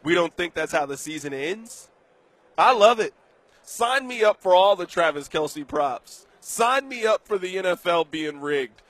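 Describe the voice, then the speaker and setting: A man hosting a sports radio show, delivering an animated, emphatic, joking monologue from a studio. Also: sits high, measured pace, no room sound.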